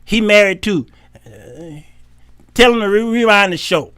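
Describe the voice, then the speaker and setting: A man's voice: high voice, measured pace, fairly bright tone, clean tone, no room sound, clean studio sound. Playful preacher-style male talk-show host. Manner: playful, laughing, preacher-like cadence.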